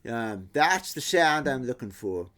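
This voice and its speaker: A man's voice: mid-range voice, very animated, unhurried, fairly bright tone. A middle-aged man explaining guitar tap tones in a casual workshop talk, imitating the sounds with his voice and often restarting his sentences. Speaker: guitar builder.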